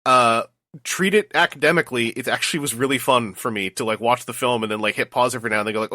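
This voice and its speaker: A man co-hosting a casual podcast, emphatic and animated as he gives advice. His voice is bright and forceful, recorded dry and close. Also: mid-range voice, fast talker, no echo. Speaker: podcast co-host.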